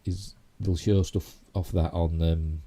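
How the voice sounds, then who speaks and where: A man's voice: deep voice, little pitch movement, slow pace, warm tone. A middle-aged man with a Yorkshire accent, hosting a casual live stream and rambling chattily with self-mocking asides. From Yorkshire, England. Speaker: YouTube host.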